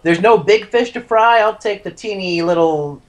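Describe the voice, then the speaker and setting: A man's voice: sits high, normal speed. A man speaking as a player in a tabletop game, hesitant, with many fillers and restarts. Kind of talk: casual chat in a tabletop game.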